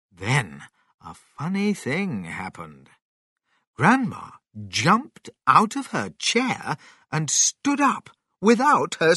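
A reader narrating a children's story slowly and expressively. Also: medium pitch, slightly rough, no echo, clean studio sound. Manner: slow, expressive, sing-song.

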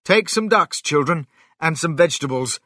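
A man voicing a clever, bold male fox in a storybook reading, speaking with eager emphasis, raised and loud. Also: on the high side, animated, normal speed, no echo, clean studio sound, pitched above the performer's own voice.

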